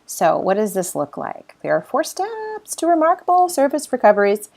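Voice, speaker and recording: A woman's voice: on the high side, wildly swooping pitch, normal speed, creaky, a little mellow. A woman giving a recorded customer service training lecture, emphatic, often repeating herself and acting out example phrases.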